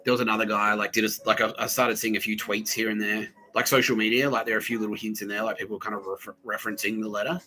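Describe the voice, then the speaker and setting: A man's voice: fairly low pitch, level tone, rapid-fire, few pauses, bright, forceful tone, poor audio. Swearing, rambling man. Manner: swears constantly, rambling with many fillers and nervous laughs. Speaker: podcast host. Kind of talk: rambling personal monologue.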